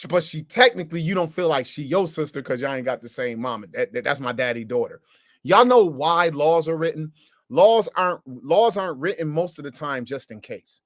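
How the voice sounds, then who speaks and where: Animated, slangy New teacher. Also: male voice, fairly high pitch, no room sound, clean studio sound. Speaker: Bible teacher. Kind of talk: casual Bible teaching.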